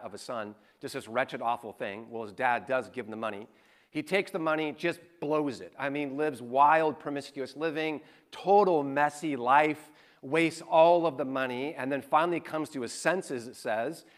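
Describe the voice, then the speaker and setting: A male pastor preaching a sermon, telling a personal story earnestly, moving between hushed confession and fervent emphasis. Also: mid-range voice.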